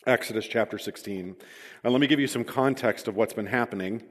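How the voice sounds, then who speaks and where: A man's voice: lowish voice, a little fast, long reverb tail. A man preaching a sermon, telling the scripture story vividly with wry self-deprecating humor and reading verses aloud. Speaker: pastor.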